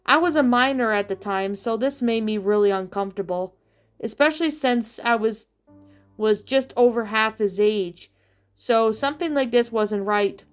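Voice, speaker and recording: A woman's voice: on the high side, moderate pace, smooth. A young woman in her twenties narrating a true personal story in the first person, in a plain, rambling way with long run-on sentences. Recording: faint background music.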